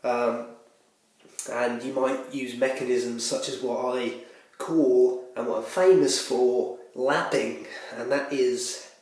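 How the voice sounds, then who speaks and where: A man with a cold giving self-assured, rambling dating tips in a deadpan spoof style, a little out of breath. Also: mid-range voice, slow. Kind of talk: deadpan spoof advice video. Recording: very echoey room.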